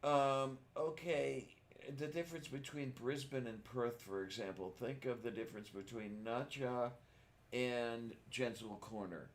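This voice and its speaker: Easygoing male co-host, mid-pitched, short relaxed replies. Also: measured pace. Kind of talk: casual chat.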